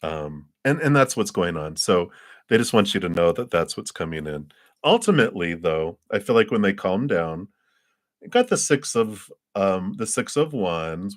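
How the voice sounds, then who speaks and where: A man's voice: sits low, expressive, normal speed. A man giving tarot readings on a live stream, chatty and thinking aloud, laughing often between thoughts. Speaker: tarot reader.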